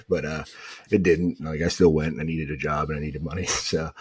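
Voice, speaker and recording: A young man from New England tells stories in a loose, animated way, acting out what the people in them said. His voice sits very low and has a husky edge. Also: moderate pace. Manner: animated, acts out quotes of others. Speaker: podcast guest. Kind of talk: casual storytelling.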